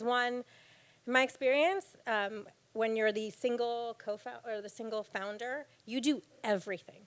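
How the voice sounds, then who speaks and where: A woman's voice: medium pitch, a bit bright. A woman in her thirties giving a candid, earnest personal talk to a live audience from a stage, with plenty of fillers. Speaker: speaker at a live storytelling event on failure. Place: event stage before an audience.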